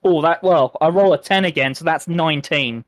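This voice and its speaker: A man playing a tabletop game, his voice slightly high and recorded dry and close. He swears freely and stumbles through restarts, then launches into animated rants. The tone is casual table chat. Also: fairly quick, dry recording. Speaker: player.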